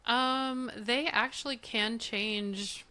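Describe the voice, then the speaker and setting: A woman's voice: on the high side, very slow, smooth. A woman co-hosting a podcast, chatting casually and laughing easily while explaining hotel and car bookings. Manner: relaxed, laughs often, explains from her booking job. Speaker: podcast co-host. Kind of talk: casual chat.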